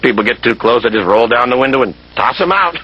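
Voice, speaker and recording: A low-voiced man with a very raspy voice tells a stand-up bit in an offhand, matter-of-fact way. His pitch moves a lot. The audio is slightly dull. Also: animated, fast talker. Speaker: stand-up comedian. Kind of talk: stand-up monologue.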